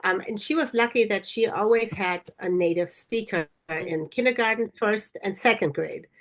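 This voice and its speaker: A woman's voice: medium pitch, normal speed, fairly bright tone. A woman co-hosting a parenting podcast, chatting casually and telling family anecdotes with easy laughs. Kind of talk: casual conversation.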